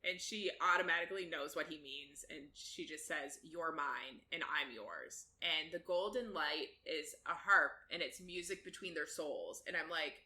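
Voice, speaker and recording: A woman's voice: low-pitched, moderate pace, hardly any pauses, sharp tone. A woman co-hosting a podcast, chatting casually as she recaps a book, laughing often and swearing freely. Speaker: podcast co-host.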